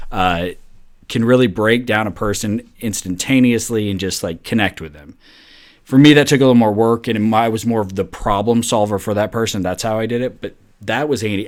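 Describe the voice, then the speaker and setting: A middle-aged man hosting a podcast, telling a story in a loose, chatty way, peppering his talk with "like" and "right?". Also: mid-range voice. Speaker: podcast host. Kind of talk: casual storytelling monologue.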